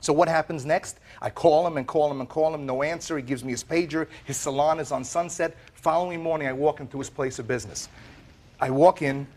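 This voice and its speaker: A man giving animated, emphatic testimony as plaintiff on a televised courtroom set. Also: a little high, a little fast.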